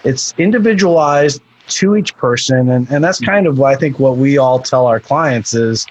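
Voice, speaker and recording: A man's voice: mid-range voice, normal speed, muffled recording. A man who works as a nutrition coach, talking earnestly in a casual podcast chat and often repeating words as he starts a sentence.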